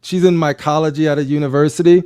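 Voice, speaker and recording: A man co-hosting a relaxed watch-along podcast with a smooth, resonant voice pitched a little high. He talks fast and acts out scenes in quick voices. The sound is dry and close. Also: dry recording. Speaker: podcast co-host. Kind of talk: casual watch-along chat.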